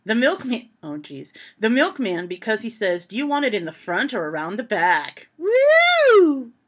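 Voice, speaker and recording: A woman's voice: medium pitch, very animated, moderate pace, slightly rough. A woman vlogging from home, reading joke lists aloud to her camera and laughing at the punchlines. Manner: reads jokes aloud and reacts with loud laughter. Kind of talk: casual joke-reading vlog.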